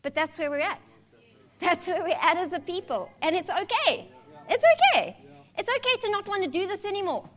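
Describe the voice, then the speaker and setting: A woman's voice: very high voice, brisk, a bit bright. A woman preaching a sermon in a candid, conversational way, mixing humor with scripture.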